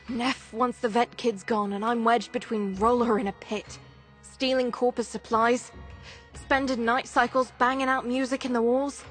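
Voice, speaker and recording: An actress playing a gruff, seasoned woman who leads a workers' union in a video game; she talks in blunt, clipped, weary lines. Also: fairly high pitch, little pitch movement, unhurried, faint music behind, natural voice. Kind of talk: video game character dialogue.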